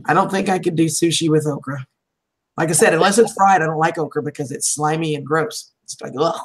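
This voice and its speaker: The recording is poor, and the woman speaking has a low voice and a fairly quick pace. She's a livestream host in casual conversation who laughs often as her voice grows tired.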